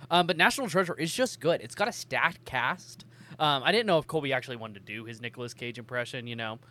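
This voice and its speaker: A man's voice: mid-range voice, lively intonation, fast talker, bright, forceful tone. A man hosting a casual podcast chat. He rambles along with plenty of ums. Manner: chatty, rambling, many ums. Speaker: podcast host.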